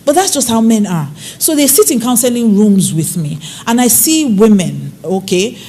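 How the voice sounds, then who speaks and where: A woman with a fairly high voice gives a preaching-style talk on relationships. She tells her stories expressively, her pitch jumping as she brings each moment to life. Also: moderate pace, husky. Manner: expressive storyteller, swings pitch and acts out quoted people. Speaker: infidelity recovery counselor speaking on marriage.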